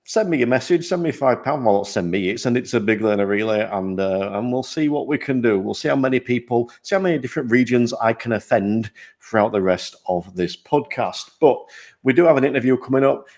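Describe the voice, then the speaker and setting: Upbeat man hosting a podcast. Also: fairly quick. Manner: upbeat and self-deprecating, with lively jumps in pitch. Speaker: podcast host.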